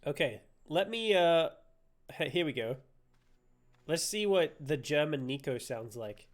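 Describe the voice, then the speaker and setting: A man's voice: fairly high pitch, lively intonation, measured pace. A man streaming a game live, commenting playfully and laughing as he jokes with his audience. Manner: playful, laughing, joking with chat.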